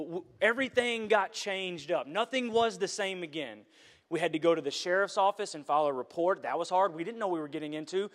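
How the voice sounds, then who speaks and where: Man, middle-aged pastor, earnest emotional sermon, halting restarts, raised pitch, reverberant hall.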